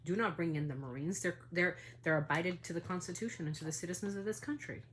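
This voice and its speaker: A woman's voice: lowish voice, fast, a bit bright, slight background noise. Upset woman ranting on a podcast. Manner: heated, indignant, swears. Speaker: podcast host. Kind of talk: casual opinion monologue.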